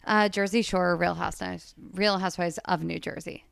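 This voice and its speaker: A woman's voice: fairly low pitch, fairly even intonation, brisk, creaky, clear, resonant tone, no echo. A young adult woman hosting a podcast, chatting casually and laughing often. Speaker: podcast host. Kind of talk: casual chat.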